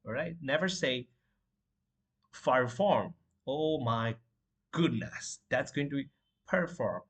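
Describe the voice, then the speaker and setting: A man's voice: mid-range voice, measured pace, a bit bright. A man teaching English pronunciation, repeating letters and words one at a time with fillers like "you know" and "all right". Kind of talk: spoken lesson, drilling single words.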